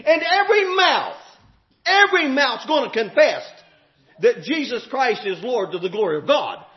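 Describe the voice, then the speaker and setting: A man preaching a sermon, impassioned and shouting at times, drawing out emphatic phrases. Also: extremely high pitch, sing-song, moderate pace. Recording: echoey, dull hall recording.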